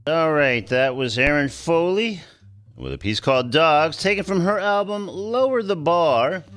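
A man hosting a radio talk show in a studio, lively and hesitant with many fillers. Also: fairly high pitch, unhurried, soft background music.

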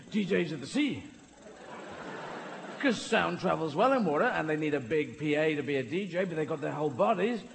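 A man's voice: fairly high pitch, creaky. Playful rambling male stand-up comic. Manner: rambling, playful, self-interrupting. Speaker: stand-up comedian. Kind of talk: stand-up comedy routine. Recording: live hall with audience noise.

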